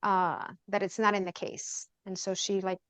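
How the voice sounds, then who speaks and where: A woman guest on a podcast giving an earnest, halting personal account and acting out the dialogue she remembers. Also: medium pitch, little pitch movement, a bit bright, clear, resonant tone, no room sound. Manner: earnest, halting, acts out quoted dialogue with rising urgency. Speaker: podcast guest recounting a tragedy.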